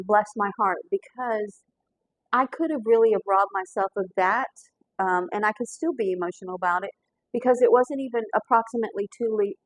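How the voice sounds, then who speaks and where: A woman's voice: medium pitch, no room sound, low-quality recording. A woman, a pastor hosting a cooking show, telling a heartfelt story in an earnest, folksy way while fighting back tears. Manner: earnest, folksy, with frequent restarts and fillers.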